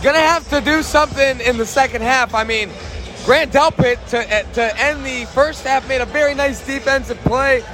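A man hosting his own fan sports show live from the stands of an outdoor football stadium, talking in a hyped, shouty, rambling way and losing his voice. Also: very high-pitched, moderate pace, music in the background. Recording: loud stadium crowd and noise.

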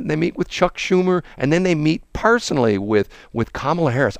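Telling a story during laid-back political talk, this male co-host laughs a lot, mocks freely, and imitates people in squeaky voices. He's expressive and fairly quick with vocal fry and hardly any pauses, recorded cleanly in a studio with no echo.

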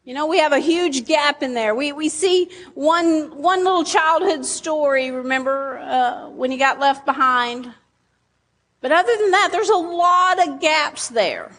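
A woman's voice: high-pitched, a little slow, a bit bright. A woman pastor, preaching a sermon in a conversational way and teasing her congregation with asides.

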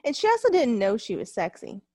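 A woman's voice: a little high, wildly swooping pitch, a little fast, a little mellow, no room sound. A woman co-hosting a casual chat, answering in a reassuring, soothing way.

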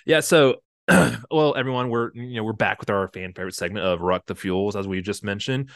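In a clean, dry studio recording, a young man with a lowish voice talks fairly quickly. Co-hosting a casual podcast while a little drunk, he cracks jokes and wanders along, using lots of fillers.

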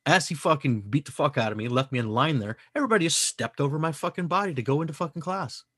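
A man's voice: fairly high pitch, quick pace, a bit bright, slightly rough, dry recording, studio quality. A man co-hosting a podcast, talking in a casual, profane, emphatic way that rambles from point to point. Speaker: podcast co-host.

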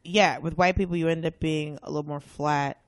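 A woman's voice: low voice, a little fast, no echo, studio quality. A young woman chatting as a guest, telling stories and acting out what people said. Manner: animated storyteller, acts out quotes. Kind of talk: casual chat.

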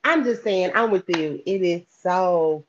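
A woman joining a live talk show remotely as a guest panelist, speaking in an animated, indignant way. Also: on the low side, unhurried, lo-fi sound. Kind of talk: casual panel discussion.

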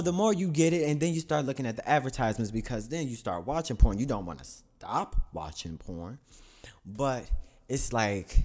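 A man with a mid-range, somewhat dark voice tells his listeners a crude, candid confessional story. He rambles, corrects himself along the way, and laughs at himself.

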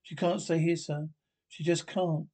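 A man's voice: on the high side, little pitch movement, a little slow, warm tone. A man playing a prim, servile male android servant in a sitcom, fussy and formal, calling everyone sir. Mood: indignant. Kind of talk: sitcom acting.

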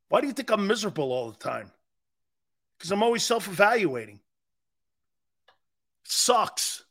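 A man's voice: sits high, big pitch swings, moderate pace, long pauses, fairly bright tone. A man hosting a sports talk show, brash and profane, rambling and talking straight to his listeners, edgy from short sleep. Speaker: sports radio host.

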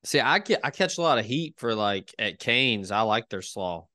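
A man's voice: fairly low pitch, animated, moderate pace, pushed and bright, dry recording, studio quality. A man hosting a casual chat podcast, upbeat and steering the talk with questions. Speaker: podcast host.

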